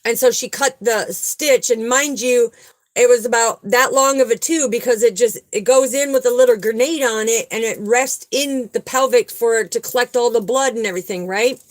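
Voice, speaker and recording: This woman's voice is a little high and moves at a normal speed over a rough recording. A spiritual vlogger, she tells a personal story in an earnest, emphatic spiritual talk, casual in tone, and repeats herself often to drive points home.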